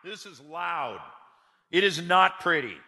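A man's voice: sits high, sing-song, slow, bright, forceful tone, husky. A man preaching a sermon, telling the story with animation and acting out the quotes. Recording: long hall reverb.

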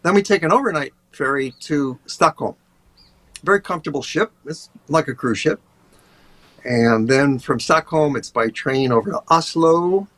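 A man's voice: fairly high pitch, moderate pace. A man who works as a tour guide, casually and enthusiastically walking through a travel route stop by stop in an interview. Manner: relaxed, enthusiastic, walking through stops one by one.

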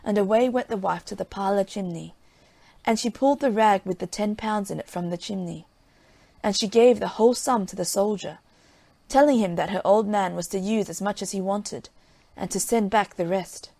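Woman storyteller, gravelly voice, dry close sound, measured folk-tale reading. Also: mid-range voice, mellow, no echo.

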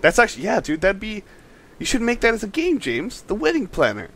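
A man's voice: high voice, wildly swooping pitch, a little fast, fairly bright tone, a little hiss or hum. A man co-hosting a casual podcast chat, teasing the others and laughing often. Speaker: podcast co-host.

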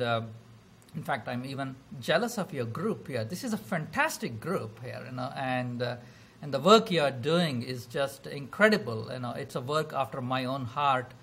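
South Indian-accented male lecturer, gravelly tone, chatty and enthusiastic, slight noise behind. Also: mid-range voice. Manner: animated, many fillers like "you know", self-deprecating. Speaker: guest lecturer. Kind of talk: academic lecture opening. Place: lecture hall.

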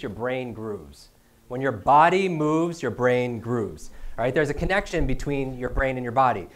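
A man giving an energetic motivational talk to a live audience as a learning coach, repeating key phrases and often asking "right?". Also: a little high. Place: event room with a live audience.

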